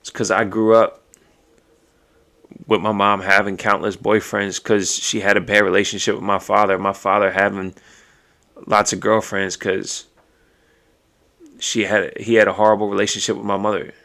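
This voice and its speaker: A man's voice: fairly low pitch, flat delivery, moderate pace, gravelly, long pauses, sharp tone. A man hosting a podcast, speaking alone in a raw, emotional and profane way as he thinks aloud. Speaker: podcast host. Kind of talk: personal monologue.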